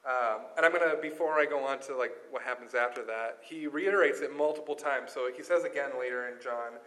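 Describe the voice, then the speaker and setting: A man's voice: mid-range voice, brisk, fairly bright tone. A man giving a casual Bible teaching, chatty and loose, with lots of fillers. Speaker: Bible talk speaker. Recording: roomy echo.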